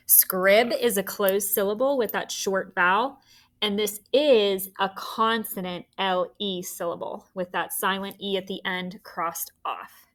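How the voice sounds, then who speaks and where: A woman's voice: medium pitch, a little slow, fairly bright tone. A woman teaching a phonics lesson, patiently dictating words and sounds and encouraging young students.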